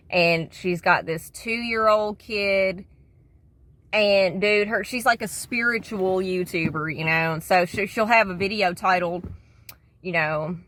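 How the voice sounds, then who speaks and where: A woman's voice: medium pitch, fairly bright tone. Slangy, profane woman vlogger. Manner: slangy and profane, says "dude" a lot. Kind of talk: casual rambling monologue.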